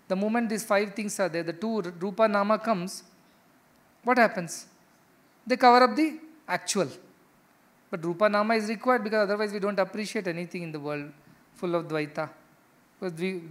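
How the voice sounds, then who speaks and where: A middle-aged man with an Indian English accent giving a spiritual discourse, emphatic, firing rhetorical questions and repeating key phrases. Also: high voice. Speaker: spiritual teacher. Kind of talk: spiritual discourse to ashram residents.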